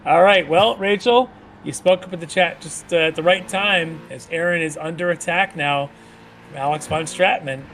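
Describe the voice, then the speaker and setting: A man's voice: a little high, moderate pace, a bit bright, a little hiss or hum, poor audio. A man commentating an online sim race, mixing race calls with jokey banter. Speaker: play-by-play commentator.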